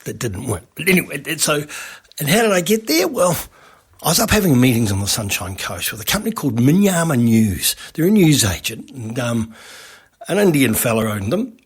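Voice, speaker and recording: A man's voice: mid-range voice, very animated, fairly quick, slightly rough. A man with an Australian accent telling a rambling, casual anecdote about making a radio ad. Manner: rambling, with many restarts and asides. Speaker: radio advertising creator.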